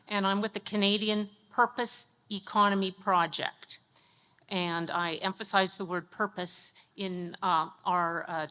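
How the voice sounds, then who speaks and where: A woman's voice: medium pitch, pushed and bright. A woman from the audience asking a question at a public forum, earnest and thinking aloud with fillers. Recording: reverberant conference hall.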